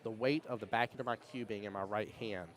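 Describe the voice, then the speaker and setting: Fast-talking man hosting a stream. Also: fairly low pitch, steady tone. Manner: fast, rambling storyteller with restarts and laughs. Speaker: stream host of a pool tournament. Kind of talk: casual chat with live chat readouts.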